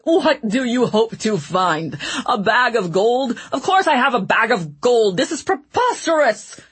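A woman's voice: fairly low pitch, wildly swooping pitch, slow, bright, forceful tone, husky, no echo, full character voice. A woman reading an audiobook voices an indignant, blustering male spymaster who protests shrilly while he is seized. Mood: outraged.

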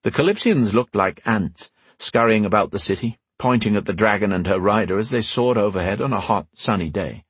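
A man giving expressive scripted narration of a fantasy audiobook. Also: on the low side, a little fast, few pauses, slightly rough, dry recording.

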